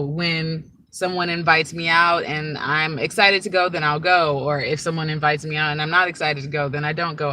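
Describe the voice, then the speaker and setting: Bright-voiced woman musing on spirituality. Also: low voice, slight background noise, rough recording. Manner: rambling, with frequent "right?" and "like". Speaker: spiritual teacher. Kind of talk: casual spiritual monologue.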